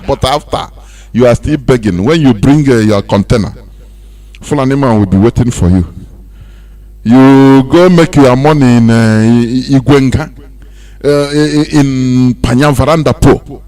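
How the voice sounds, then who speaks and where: A Nigerian man giving animated radio commentary, laughing often and slipping into Pidgin. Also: mid-range voice, unhurried. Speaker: radio presenter.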